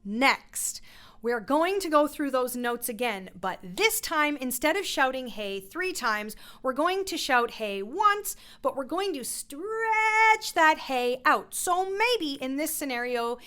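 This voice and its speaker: A woman's voice: sits high, big pitch swings, slow, pushed and bright. A woman vocal coach teaching a voice lesson in a playful, encouraging way. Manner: instructive.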